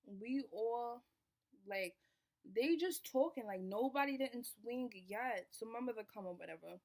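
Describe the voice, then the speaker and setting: A young woman telling a personal story in a casual storytime, animated and swearing, acting out what people said. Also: a little high, measured pace. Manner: animated, swearing, acts out quoted lines. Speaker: vlogger.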